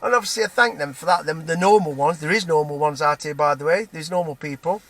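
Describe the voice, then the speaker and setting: This vlogger is a Nottingham man with a local accent, a fairly high, slightly bright voice and a fast way of talking. Ranting angrily and personally to camera, he swears, trips over restarts and keeps ending lines with "right?".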